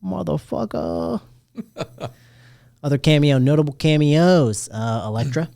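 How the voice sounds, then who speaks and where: A man in his thirties hosting a podcast, chatting casually about a movie, animated and jokey, with plenty of swearing. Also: mid-range voice, a little fast, dry recording, clean studio sound. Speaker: podcast host. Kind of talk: casual movie review chat.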